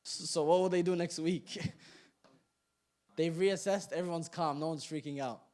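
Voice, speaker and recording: Young male instructor, slightly high voice, lively and jokey, quizzes the audience in a community classroom. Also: unhurried. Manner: animated, joking, questions the room. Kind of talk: interactive class talk.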